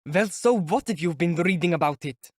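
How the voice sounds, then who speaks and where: A man's voice: on the high side, expressive, measured pace, dry recording, clean studio sound, voice pushed up. A man voicing an earnest young police clerk who grows flustered, in an audiobook reading.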